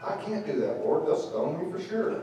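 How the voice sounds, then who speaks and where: A man's voice: high voice, big pitch swings, moderate pace, dark tone, slight background noise, pitched above the performer's own voice. A man voicing a frantic, panicked male leader pleading with God, heard from far off in an echoey church.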